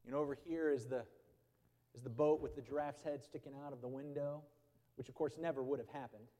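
A man preaching a sermon as pastor, who swings between loud, emphatic proclamation and quiet, conversational asides. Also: mid-range voice, steady tone, fairly quick. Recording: long reverb of a church hall.

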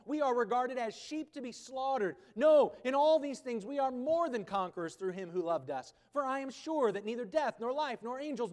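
A male pastor with a high voice preaches a sermon in a large church, where the sound rings out with a long reverb. He swings from loud, emphatic proclamation to quiet, conversational asides.

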